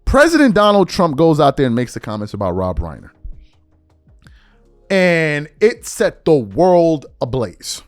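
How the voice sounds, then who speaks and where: A man's voice: a little high, huge pitch swings, measured pace, no echo, soft background music. A middle-aged man hosting a political commentary monologue, incredulous and full of rhetorical questions.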